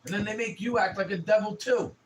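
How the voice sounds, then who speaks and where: A man's voice: sits high, fairly quick, slight background noise. Ranting young man, distant mic. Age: 20s. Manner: profane, heated ranting. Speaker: streamer. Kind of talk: casual livestream rant.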